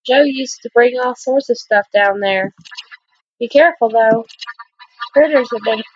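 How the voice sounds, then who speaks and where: A woman's voice: a little high, a little slow, dry recording, muffled recording. A woman voicing a friendly young woman who gives helpful advice in a video game.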